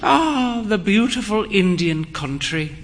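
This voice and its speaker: Man playing frail old woman in furs, proud and theatrical, high quavering voice pushed well above his own, bright and lively. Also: takes it slowly, slight background noise, heavily acted. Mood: wistful. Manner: high, quavering, grandly dramatic.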